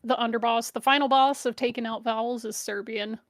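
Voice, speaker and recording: A woman's voice: on the high side, steady tone, brisk. A woman co-hosting a livestream, chiming in with teasing, playful remarks. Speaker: co-host. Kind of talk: casual livestream chat.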